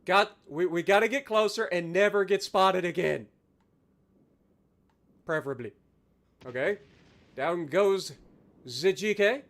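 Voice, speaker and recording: A male streamer commentating live gameplay with a very high, sharp and bright voice. He drags his words out slowly, bellows battle cries and taunts opponents with cheeky swearing in a hammy mock German manner. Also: gravelly. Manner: excitable, yelling battle cries. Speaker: game streamer.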